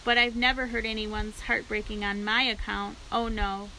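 A woman's voice: mid-range voice, flat delivery, normal speed, pushed and bright, slight background noise, low-quality recording. A woman voicing a lazy male rat who grumbles and mocks sarcastically, in a storybook read-aloud. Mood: mocking. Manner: sarcastic, mocking and complaining.

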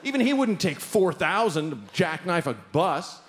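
A man's voice: sits high, moderate pace. A man doing stand-up comedy on a live stage, telling a story and acting out the people in it with big jumps in his voice. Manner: animated, acts out characters with big voice jumps. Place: live stage before an audience.

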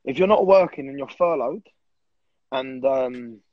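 Blunt, fired-up young man with a husky voice. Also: medium pitch, measured pace, dry recording, highs cut off. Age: 20s. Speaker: guest. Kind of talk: casual podcast chat.

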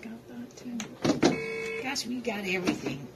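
A woman's voice: on the high side, animated, normal speed. A woman working as a nurse in a hospital nursery, chatting and playfully voicing the baby's thoughts. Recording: loud hospital room noise.

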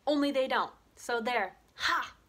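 A woman's voice: sits high, expressive, unhurried, fairly bright tone. A woman doing a stubborn dramatic little girl. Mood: defiant. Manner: indignant, exaggerated complaints.

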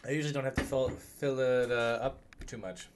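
A man's voice: medium pitch, fairly even intonation, fairly quick, a little hiss or hum. A young man streaming a horror game, chatting nervously and jokingly with his viewers at a desk microphone in a home room. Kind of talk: live gameplay commentary.

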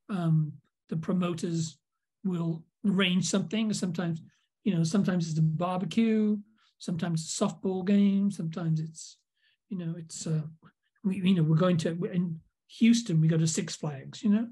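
A man's voice: high-pitched, steady tone, moderate pace, warm tone, husky. An older man from England, a video producer telling rambling behind-the-scenes stories as an interview guest. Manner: rambling storyteller, many fillers and restarts. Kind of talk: casual anecdotal interview.

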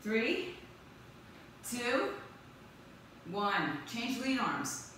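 This woman's voice sits on the high side, very animated and a little bright, as she leads a live exercise class with counts and encouragement. She keeps the pace brisk and the mood upbeat, though the recording is distant, very echoey, and faintly noisy.

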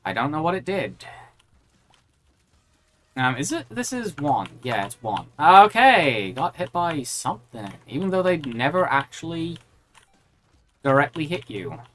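A woman's voice: low-pitched, big pitch swings, unhurried, long pauses, a bit bright. A woman streaming a video game, reacting aloud and chatting with her viewers as she plays. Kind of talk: live gameplay commentary.

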